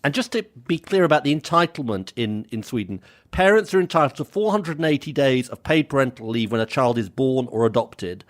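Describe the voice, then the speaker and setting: A man from Britain co-hosts a podcast in a relaxed, conversational way. His voice sits at an ordinary middle pitch. He tells stories loosely, restarting sentences as he goes. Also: brisk. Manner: chatty anecdotal storytelling with laughs and restarts. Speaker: podcast co-host. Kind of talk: casual chat.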